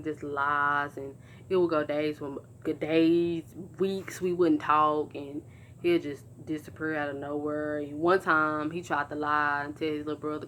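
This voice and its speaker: A woman in a casual storytime vlog. Her voice sits a little low and has a faint steady hiss behind it. She talks to her viewers in a slangy, animated, chatty way. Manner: addresses viewers directly. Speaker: vlogger telling a personal story.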